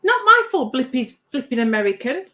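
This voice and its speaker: This British woman hosts a relaxed livestream from her home craft bench, reading out comments from viewers with rambling chatter and ready laughter. Her high voice is bright and forceful, very animated and brisk.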